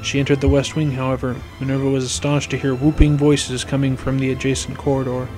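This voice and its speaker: A man reading a fan fiction story aloud in measured storytelling narration. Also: medium pitch, little pitch movement, darkish tone, faint music behind. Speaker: story reader.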